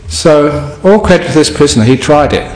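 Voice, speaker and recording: In an echoey hall, a Buddhist monk gives a humorous dharma talk, answering a question with an anecdote. His voice is a little high and moves at a moderate pace, and his storytelling is lively and funny.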